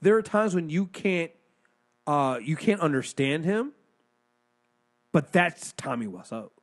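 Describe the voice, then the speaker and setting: A man co-hosting a casual movie review chat, excitable, swearing freely and restarting sentences. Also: a little high, measured pace. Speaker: podcast co-host reviewing films.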